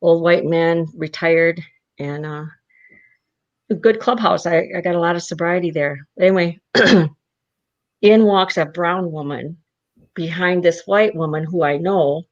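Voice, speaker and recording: A woman's voice: fairly low pitch, measured pace, highs cut off. A woman guest in an interview, telling a personal story with strong feeling and acting out her own past words.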